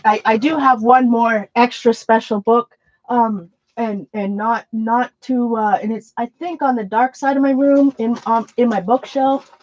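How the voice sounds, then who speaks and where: A woman's voice: on the high side, fairly even intonation, unhurried, a little mellow, highs cut off. A woman casually chatting on her art livestream, rambling and questioning herself with many restarts. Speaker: art journaling streamer. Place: home art room with shelves.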